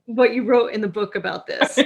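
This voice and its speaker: A woman's voice: on the high side, a little fast, vocal fry. A woman from upstate New York hosting a podcast interview, chatting casually and reading passages aloud. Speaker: podcast host.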